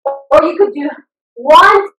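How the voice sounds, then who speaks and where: A woman fitness instructor leads a live online workout, upbeat and encouraging, whooping as she cheers her class on. Her very high-pitched voice is slow, bright and forceful, picked up from a distance by a video-call computer mic in an echoey room, slightly off-mic.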